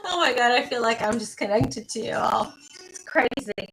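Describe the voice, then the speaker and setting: A woman's voice: a little high, normal speed, fairly bright tone, low-quality recording. A woman giving a live tarot reading, talking to her viewers in a rambling, playful, casual way and swearing now and then. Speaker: tarot reader.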